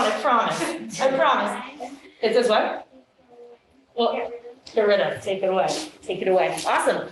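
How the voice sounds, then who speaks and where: A woman with a medium-pitched, expressive voice speaks a little slowly, leaving long pauses as she leads a phonics lesson. She's encouraging and upbeat while coaching young students. The echoey classroom is full of crowd noise and children's voices.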